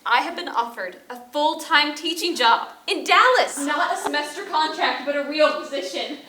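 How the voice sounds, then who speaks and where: A woman's voice: high voice, moderate pace, sharp tone. A woman playing a bubbly young aunt. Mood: excited. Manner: bubbly, enthusiastic. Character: lively young aunt, a proud teacher. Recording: echoey room from far off, faint noise.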